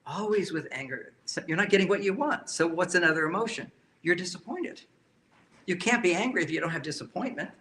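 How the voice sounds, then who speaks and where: A man's voice: sits high, expressive, a little fast, bright, forceful tone, a little hiss or hum. A man speaking as a relationship counselor, giving an emphatic talk to a live audience and often repeating key phrases.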